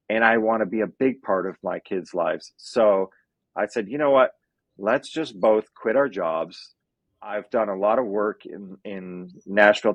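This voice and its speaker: A man's voice: fairly low pitch, no echo, lo-fi sound. A man in his thirties, a podcast guest, earnestly telling a personal story that runs close to tears. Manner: earnest, emotional, fighting back tears at times.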